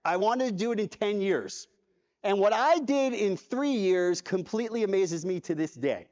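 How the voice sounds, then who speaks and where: A man giving a conference keynote talk, telling a personal story in an animated way and acting out the dialogue. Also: high voice, moderate pace. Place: large convention hall. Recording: dull hall reverb from a conference stage.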